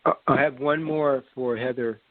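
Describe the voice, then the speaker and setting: A man caller asking a question quietly and flatly. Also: mid-range voice, moderate pace, no room sound. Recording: tinny distant phone line.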